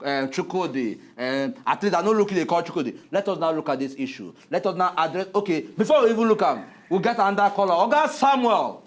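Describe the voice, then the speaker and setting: A man's voice: high-pitched, lively intonation, fairly quick, hardly any pauses. A Nigerian man presenting a TV talk show in pidgin, firm and pushing back at his co-host.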